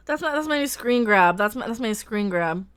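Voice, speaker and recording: A woman hosting a casual live reaction stream, sarcastic, laughing often and bursting into loud exclamations. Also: fairly high pitch. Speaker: livestream host reacting to a trailer.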